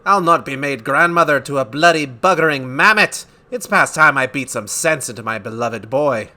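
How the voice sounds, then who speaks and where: A man voicing a gruff elderly noblewoman who speaks sharply and indignantly. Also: medium pitch, expressive, moderate pace, sharp tone.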